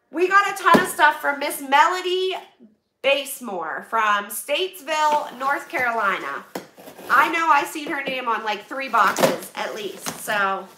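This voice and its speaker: A woman in her thirties from Pennsylvania chats casually on a livestream while unboxing donations, bubbly and full of exclamations. Her slightly high voice comes from far off the mic, in an echoey space with noise behind her.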